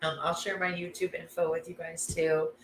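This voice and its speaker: A woman's voice: lowish voice, level tone, normal speed, echoey room, slight background noise, low-quality recording. A woman hosting a casual live class, effusive and gushing, laughing often. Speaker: intuitive class host.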